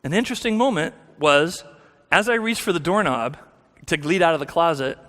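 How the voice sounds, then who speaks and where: A man's voice: on the high side, moderate pace, a bit bright. A man with a slightly raised voice tells his conversion story from the front of a church. He talks candidly and mocks himself, often breaking off and restarting his sentences. A long hall reverb trails behind every phrase. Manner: candid, self-deprecating storytelling with frequent restarts. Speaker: guest speaker. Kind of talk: personal testimony talk. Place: church sanctuary.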